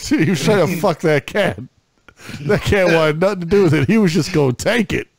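A man's voice: on the high side, normal speed, vocal fry, no echo. Wisecracking man chatting on a podcast. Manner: wisecracking, laughs often. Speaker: podcast co-host. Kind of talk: crude casual banter.

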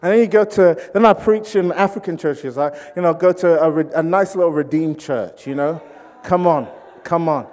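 Man from britain, preacher, comic sermon, high voice, long hall reverb. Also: normal speed. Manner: comic storytelling, mimics congregations with shouts.

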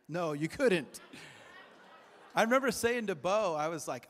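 A man's voice: fairly high pitch, sing-song, unhurried, pauses often, fairly bright tone, long reverb tail. A man preaching a sermon in a church, talking conversationally and jokingly and acting out the people he quotes. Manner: conversational and jokey, acts out quoted voices. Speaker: pastor. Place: church sanctuary.

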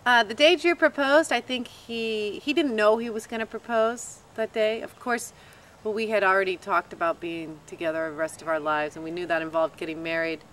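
A woman telling the story of her proposal in a lively, animated way. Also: medium pitch, normal speed, slight background noise. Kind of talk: casual storytelling.

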